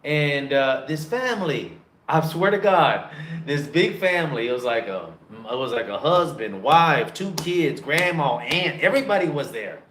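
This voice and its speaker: Brash American male vlogger with a fairly high voice, loud and swearing, filmed on his phone in a reverberant room. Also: unhurried, a little hiss or hum. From United States. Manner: loud, profane and animated, with big pitch jumps. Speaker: travel vlogger. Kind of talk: casual storytelling to camera. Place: dim room.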